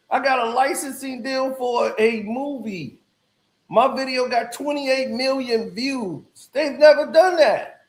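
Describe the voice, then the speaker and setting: A man's voice: very high voice, slow, echoey room. A man talking casually and boastfully, laughing at his own claims. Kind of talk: casual bragging talk.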